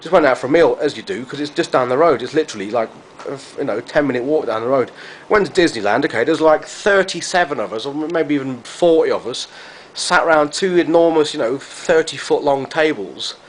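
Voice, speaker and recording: A man's voice: a little high, a little fast, slight background noise. A man chatting to camera in a rambling, effusive vlog, repeating himself as he goes. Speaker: vlogger. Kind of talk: casual chat to camera.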